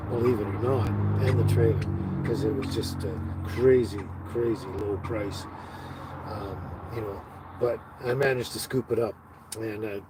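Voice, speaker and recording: A man's voice: lowish voice, noisy background. A man hosting a casual live stream from his tiny house. He rambles, stops and restarts often, and uses many fillers. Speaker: livestream host.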